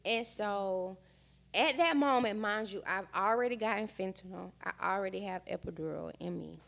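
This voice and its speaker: A woman's voice: medium pitch, normal speed, creaky. A young American woman on a podcast, candidly and emotionally telling her own story in casual chat. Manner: emotional, frank, animated retelling. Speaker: podcast guest.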